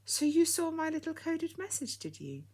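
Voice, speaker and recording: Gentle old lady, fond and soft, as a woman reads her. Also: fairly low pitch, lively intonation, moderate pace, breathy edge. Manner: soft, fond, calls people dear.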